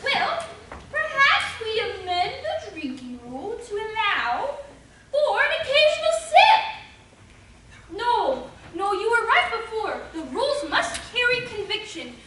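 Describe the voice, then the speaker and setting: A woman's voice: very high voice, sing-song, slow pace, background noise, exaggerated voice. A woman playing a sweet, dotty elderly lady with prim, old-fashioned manners in an amateur stage play, heard from far off in an echoey hall. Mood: fluttery.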